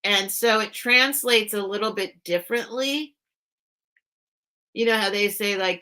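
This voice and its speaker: Woman host of a live sale stream, bright, forceful tone, rambling and giggly with her chat. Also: medium pitch, unhurried. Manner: rambling, chatty, often breaks off mid-sentence; apologetic and giggly with viewers. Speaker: online seller hosting a live sale stream. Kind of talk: casual livestream chat.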